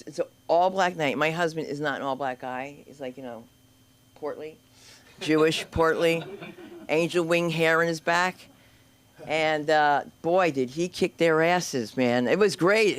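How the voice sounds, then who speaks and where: Joking comedy club emcee. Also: medium pitch. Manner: joking, teasing the audience. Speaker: open mic host. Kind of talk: emcee banter and introductions.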